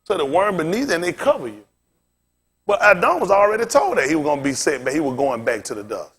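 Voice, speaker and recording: A man leads a scripture lesson in a casual preaching style. His voice sits a little high, and he keeps pressing his listeners with rhetorical questions. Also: big pitch swings, quick pace, a bit bright. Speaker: pastor teaching a Bible lesson. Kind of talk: informal sermon-style teaching.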